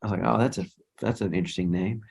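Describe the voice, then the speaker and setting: A low-pitched middle-aged man tells a long story in a relaxed interview. He rambles, restarts his sentences, and slips into quoted speech as he goes. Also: rapid-fire, creaky. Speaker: interview guest, worship leader.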